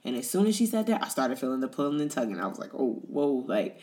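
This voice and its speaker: A woman's voice: rumbling low, big pitch swings, fast talker, warm tone. A woman podcast host telling a personal story in a candid, conversational way, often calling her listeners "y'all.".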